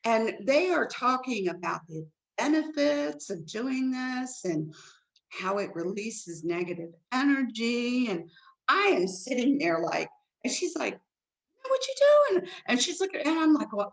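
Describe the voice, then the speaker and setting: Animated woman co-host telling stories. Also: normal speed, creaky, low-quality recording. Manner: animated storytelling, big pitch jumps. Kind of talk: casual chat.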